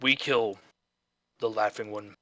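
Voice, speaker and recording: A man doing a quiet, resolute clan warrior. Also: on the low side, fairly even intonation, takes it slowly, no echo. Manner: quiet, firm, broken grammar. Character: determined young male clan warrior, broken speech.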